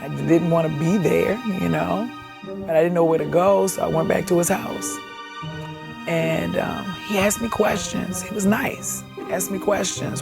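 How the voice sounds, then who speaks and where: A woman candidly recounting her own life in a documentary, halting and reflective, with music behind her. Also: on the low side, steady tone, gravelly. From Baltimore, USA. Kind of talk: personal documentary testimony. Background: background music.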